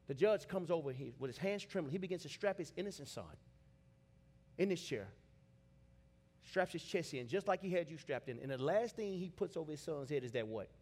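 A man preaching a sermon, telling a dramatic story that builds to shouted climaxes. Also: a little high, expressive, fairly quick.

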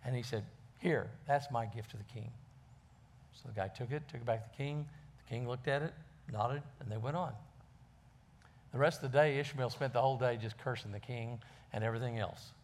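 Male preacher, folksy storyteller, mid-pitched. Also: fairly quick. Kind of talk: sermon with storytelling.

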